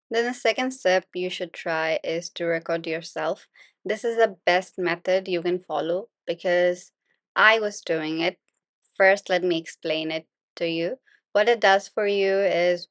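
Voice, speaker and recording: Slow, patient woman teaching speaking. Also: fairly low pitch, no echo. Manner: steady, continuous explaining, polite and patient. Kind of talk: unscripted spoken lesson.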